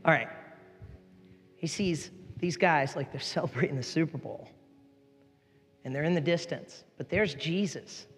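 A man preaching a sermon as pastor, animated and jokey, jumping between topics. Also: a little high, a little slow, pauses often. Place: large church hall. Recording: long hall reverb with faint music.

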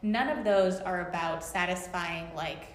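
A woman's voice: on the low side, measured pace, reverberant. A woman speaking as a guest in a casual interview, talking reflectively about her business with many "like" fillers.

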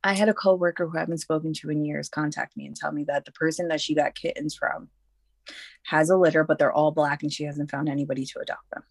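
A woman's voice: deep voice, steady tone, fast, gravelly, no echo. A woman talking frankly and emphatically in a casual chat, with slang and a preachy streak.

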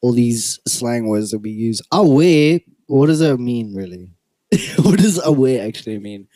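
A man's voice: mid-range voice, animated, unhurried, dark tone, dry recording, clean studio sound. Playful young man. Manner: playful, teasing, laughs often. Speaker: podcast co-host. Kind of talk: casual chat.

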